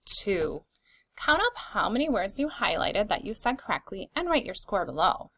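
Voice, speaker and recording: A woman teaching a phonics lesson to young children, sounding out words slowly and clearly and encouraging them. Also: mid-range voice, big pitch swings, fairly bright tone, no room sound.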